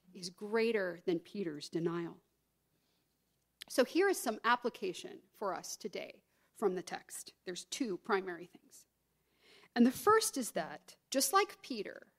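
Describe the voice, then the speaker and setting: A middle-aged woman pastor preaching a sermon, acting out quoted voices with sudden jumps in pitch.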